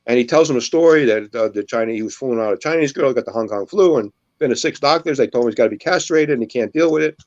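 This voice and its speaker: A man's voice: mid-range voice, lively intonation, fast, few pauses, a little mellow. Man telling jokes, slightly muffled sound. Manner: storyteller who acts out the characters' lines. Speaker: co-host. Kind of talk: telling jokes on a web show.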